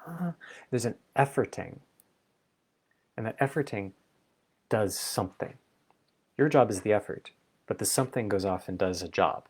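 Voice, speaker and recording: A man's voice: fairly low pitch, moderate pace, long pauses, husky. A man hosting a reflective solo talk, thinking aloud in an exploratory, playful way. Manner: thoughtful, exploratory, playful asides. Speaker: vlog host.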